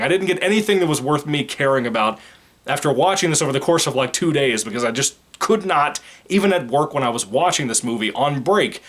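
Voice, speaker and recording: A man's voice: fairly high pitch, a bit bright. A man giving a casual spoken movie review in a blunt, opinionated, rambling way, swearing freely.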